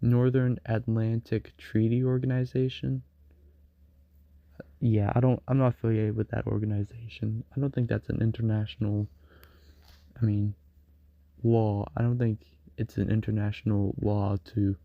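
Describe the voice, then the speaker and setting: Rambling man, low voice, muffled. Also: little pitch movement, normal speed, creaky, no echo. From United States. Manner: rambling, many fillers and restarts. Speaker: streamer. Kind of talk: casual late-night stream monologue.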